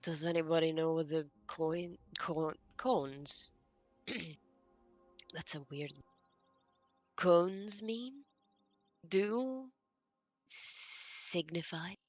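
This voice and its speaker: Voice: medium pitch, drawn-out words, pauses often, no echo, soft background music. A player in a tabletop game who talks hesitantly and trips over words. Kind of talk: casual tabletop game chat.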